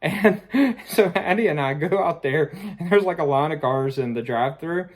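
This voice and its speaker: A man's voice: a little high, animated, moderate pace. A man casually telling a personal story, rambling and sheepish, filling his talk with "like" and "I mean.". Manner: self-conscious, sheepish.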